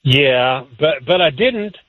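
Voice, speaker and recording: A man on a radio call, halting and evasive, full of ums and restarts. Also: a little high, animated, dry recording, phone-quality sound. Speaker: caller on the phone. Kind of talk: evasive phone conversation.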